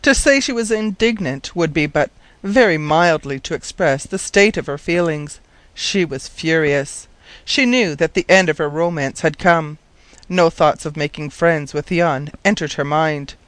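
Reading scripted storybook narration, a male audiobook narrator sounds measured and wry, his fairly bright voice pitched slightly above the typical man's. It's a close, dry recording with no audible room.

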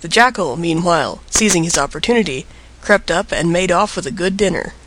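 A man narrating a storybook tale in an expressive, lilting way. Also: high-pitched, a little fast, a little hiss or hum, low-quality recording.

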